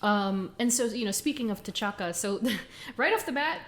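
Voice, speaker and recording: A woman co-hosting a podcast in casual chat, chatty and quick to laugh as she runs through details. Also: on the high side, animated. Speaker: podcast co-host.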